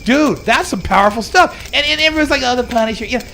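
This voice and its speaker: A man co-hosting a radio show, talking in an emphatic, animated way and repeating words as he argues about a film. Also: very high voice, fast talker, gravelly, a little hiss or hum. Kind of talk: casual debate chat.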